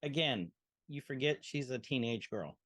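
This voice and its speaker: A man in a mid-range voice walks through an episode beat by beat on a casual podcast. He keeps pausing to act out what characters said. The sound is close and dry, with no room echo. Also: mid-range voice, lively intonation, a bit bright. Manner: scene-by-scene retelling, quoting characters. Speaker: podcast co-host. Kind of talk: casual chat recapping a show.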